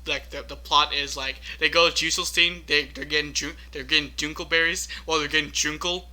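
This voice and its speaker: A man's voice: fairly high pitch, fairly even intonation, a little fast, sharp tone. A man co-hosting a casual tabletop gaming podcast, rambling with restarts and frequent laughter. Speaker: podcast co-host. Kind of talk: casual chat among friends.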